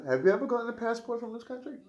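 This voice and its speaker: A man's voice: very high-pitched, expressive, quick pace. A man co-hosting a casual livestream chat, cracking dry jokes. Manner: joking, dry quips. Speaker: co-host. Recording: echoey room.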